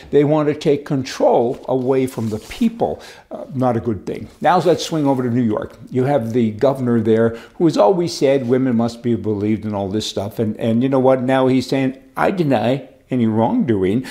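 A man's voice: mid-range voice, warm tone. An older man giving rambling, folksy political commentary as host, with chuckling asides.

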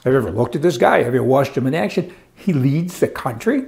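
A man's voice: medium pitch, animated, a little fast, gravelly, a little mellow. An older man delivering a sarcastic opinion monologue, ranting and chuckling as he talks. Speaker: commentary host.

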